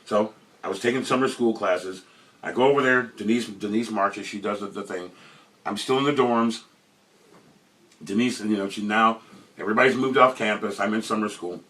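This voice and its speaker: A man, a former bandmate, telling an animated anecdote and acting out the voices of the people in it. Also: lowish voice, normal speed, distant mic. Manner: acts out quoted voices, loud and lively. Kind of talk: animated storytelling.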